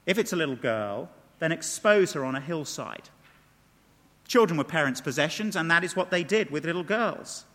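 A man's voice: fairly high pitch, animated, moderate pace, fairly bright tone. A man preaching a sermon, emphatic, asking rhetorical questions and reading passages aloud. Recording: long reverb of a large hall.

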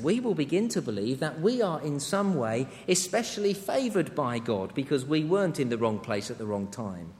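A man with a high, light voice preaches a sermon in an earnest, measured way, leaning hard on short emphatic words. His voice rings out with a long reverb, as if filling a large church. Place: church to an international congregation.

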